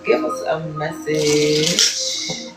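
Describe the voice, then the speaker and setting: A woman's voice: low voice, very slow, creaky, echoey room, over loud music, poor audio. A woman from New York with a New York accent gives a casual spiritual card reading. She speaks in loose slang, swears freely and calls her listeners "baby".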